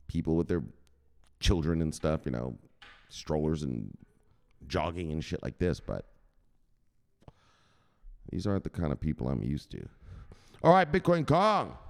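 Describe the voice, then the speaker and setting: A man's voice: rumbling low, measured pace, vocal fry, long pauses. A man hosting a crypto news show, ranting in a casual, profane way on a livestream. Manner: profane and animated. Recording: roomy reverb.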